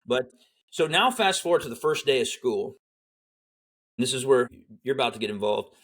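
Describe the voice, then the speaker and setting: Speaking at medium pitch and normal speed, a middle-aged man who is an Army veteran guest recounts his military experiences conversationally. He's animated, performing the dialogue of the people he quotes.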